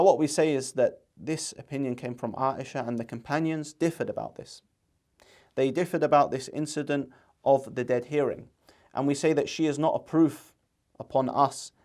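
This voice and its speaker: A man delivers religious commentary earnestly and argumentatively, reading scripture aloud and reciting Arabic quotations. His voice is medium in pitch with a darkish tone.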